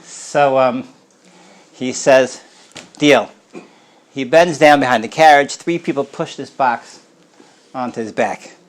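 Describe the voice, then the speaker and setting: A man teaching a Torah class as a rabbi, telling stories in a casual way, clearing his throat often and starting words over while mixing in Yiddish and Hebrew terms. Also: medium pitch, takes it slowly, long pauses. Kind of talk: storytelling Torah lecture.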